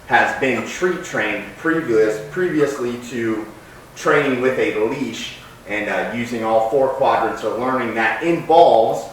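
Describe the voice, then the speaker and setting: A man who trains dogs, explaining his methods and giving short, sharp commands to the dog as he works. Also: medium pitch, slow. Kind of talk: instructional commentary while training. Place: home training space with dogs. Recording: very echoey room, distant mic, faint noise.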